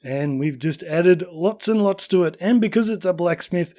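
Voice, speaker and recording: A tired, slightly hoarse man chats through a quick tour of his builds. His voice sits a touch higher than most men's, and he stays upbeat and self-deprecating despite fading at the end of a long day. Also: dark tone. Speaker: game building channel host. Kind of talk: casual gameplay tour commentary.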